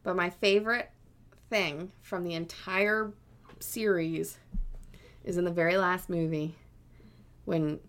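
A woman co-hosting a podcast in casual chat, animated and rambling, laughing often. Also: fairly low pitch, takes it slowly, pauses often. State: mildly sick. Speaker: podcast co-host.

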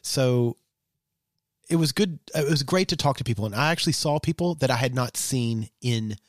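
A man's voice: medium pitch, expressive, normal speed, no echo, clean studio sound. A man co-hosting a podcast, telling personal stories in a frank, rambling way with plenty of fillers. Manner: candid, rambling storytelling with many fillers. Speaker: podcast co-host. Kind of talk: casual chat.

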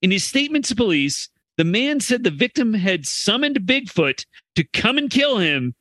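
Bright, high-voiced man telling stories. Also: sing-song, moderate pace, no room sound. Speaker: podcast co-host presenting stories. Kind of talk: reading news stories with banter.

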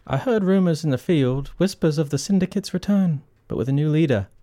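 A man's voice: on the high side, a little fast, mellow, no echo, voice pushed up, natural voice. A man voicing a grave male spy teammate, giving solemn warnings in a dramatic read. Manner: solemn, dramatic line reading.

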